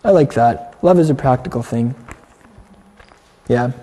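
A man's voice: mid-range voice, measured pace, dark tone, long reverb tail. A man teaching a sermon to a congregation in an earnest way, asking the room questions as he goes.

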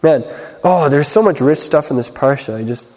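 A man giving a casual, conversational sermon as a Messianic teacher, full of fillers, slowing down to read scripture. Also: fairly high pitch, lively intonation, a little mellow. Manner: conversational, filler-heavy, reads scripture slowly. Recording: long hall reverb.

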